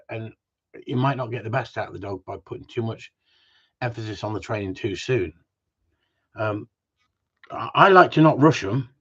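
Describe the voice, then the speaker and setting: A man talks casually on a live stream as a dog trainer, rambling and joking between viewers' questions. His voice is husky and mid-pitched. The stream audio is dull and lo-fi.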